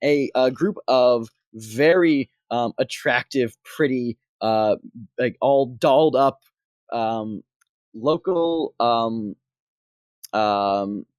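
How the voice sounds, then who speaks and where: A woman's voice: a bass voice, very slow, a little mellow, no room sound, clean studio sound. A woman narrating a tabletop game as dungeon master, rambling with many fillers.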